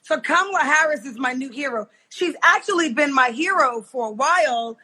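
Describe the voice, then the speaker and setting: A woman with a raspy voice, a football coach talking as a guest on a video call, telling stories animatedly and acting out quoted voices. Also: sits high, moderate pace, rough recording. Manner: animated storytelling, acts out quoted voices, laughs often. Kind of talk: casual interview chat.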